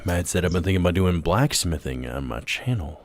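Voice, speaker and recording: A man's voice: low voice, brisk. A man hosting a casual late-night livestream, goofy and laughing as he tells stories and sets up games. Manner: goofy, laughing, animated storytelling. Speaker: podcast host.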